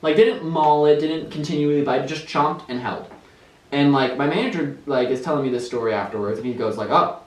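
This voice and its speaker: A man's voice: a little high, fairly quick. A young man chatting casually as a podcast co-host, telling a story with lots of fillers and bursts of laughter. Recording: roomy, distant mic.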